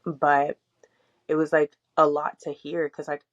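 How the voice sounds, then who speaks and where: A deep-voiced young adult woman co-hosts a podcast, speaking a little slowly in a level tone. Her candid chat rambles along with plenty of "like" and outspoken swearing. The recording is dull and lo-fi.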